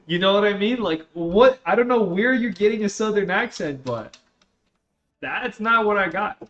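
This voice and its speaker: A Russian man in his twenties streams while gaming, chatting casually and rambling in a relaxed way with plenty of "like" and "dude." His voice is high-pitched at normal speed, and the recording sounds muffled.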